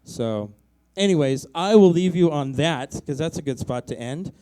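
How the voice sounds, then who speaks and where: A man's voice: on the high side, expressive, moderate pace, dark tone, a little hiss or hum, poor audio. A man in his fifties doing a stand-up comedy set, telling stories in a loose, conversational way full of fillers. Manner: conversational storytelling with many likes and ums. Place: small live comedy venue.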